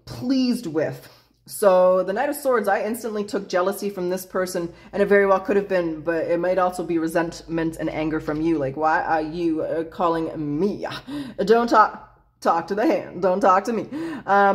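A woman doing a casual tarot reading in a blunt, chatty way, swearing freely and laughing often. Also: fairly low pitch. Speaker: tarot reader.

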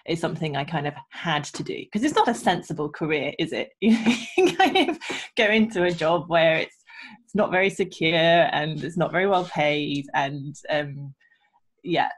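A woman guest on a video call, telling her career story in an animated way with frequent laughs. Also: deep voice, moderate pace. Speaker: guest, radio producer and engineer. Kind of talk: casual interview chat.

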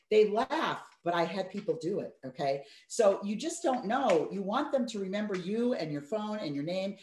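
Woman sales trainer, lively chatty delivery, echoey room sound. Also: medium pitch. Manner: lively, chatty, acts out her party patter. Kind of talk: training talk with party tips.

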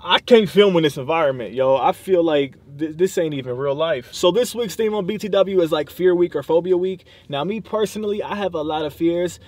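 A man's voice: a little high, brisk, few pauses, darkish tone, no room sound. Slangy young man vlogging from his car. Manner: loose slangy rambling, heavy use of "like", cursing. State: tired, sleep deprived. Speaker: YouTube vlogger. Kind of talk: casual vlog talk to camera. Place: inside a parked car.

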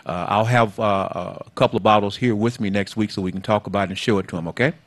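A man's voice: on the low side, fairly even intonation. Folksy man hosting a call-in show. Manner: folksy, drawn-out emphasis, calls guests baby. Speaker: talk show host. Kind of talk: call-in talk radio.

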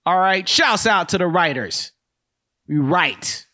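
A man's voice: sits high, animated, slow, pushed and bright, no echo, studio quality. A man hosting a podcast, riffing comedically in a rambling way with lots of slang and laughter.

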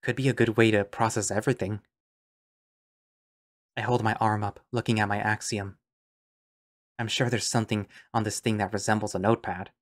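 A man's voice: lowish voice, level tone, moderate pace, long pauses. A man narrating an audio drama in first person, musing and understated.

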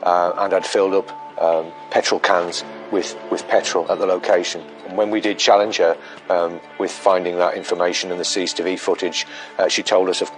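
A man speaking as a police detective in a documentary interview. His voice sits very low, and he talks in a measured way with frequent ums and restarts while soft music plays behind him. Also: little pitch movement, poor audio.

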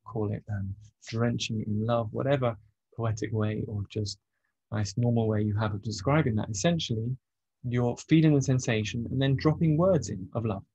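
A man coaching on trauma and stress, explaining in a relaxed, conversational way, with frequent pauses and restarts. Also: mid-range voice, husky, dry recording, highs cut off. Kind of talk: casual teaching monologue.

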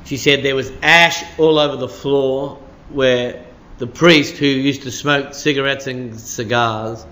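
Aussie pastor in his 60s preaching, slow and rambly, lots of "you know", bright voice. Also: mid-range voice, steady tone. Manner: storytelling, with many fillers like "you know" and "sort of". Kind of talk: midweek sermon.

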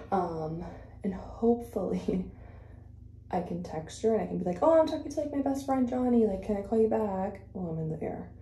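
A woman's voice: lowish voice, creaky, warm tone, a little hiss or hum. A woman vlogging casually while doing her makeup, a native Spanish speaker who rambles with fillers and restarts and sounds a little out of breath. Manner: chatty, rambling with fillers and self-corrections. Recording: echoey room.

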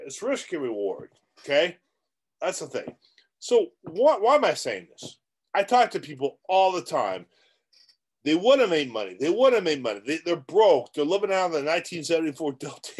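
A man delivering a motivational vlog monologue in a somewhat high voice that swings widely in pitch. He is blunt and repetitive, talks straight at the viewer, and keeps restarting sentences. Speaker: real estate coach.

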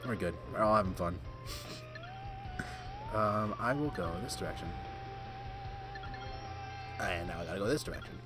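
A man streaming live gameplay, reacting excitedly, yelling and laughing at the game. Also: deep voice, normal speed, long pauses, music in the background. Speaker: gaming streamer.

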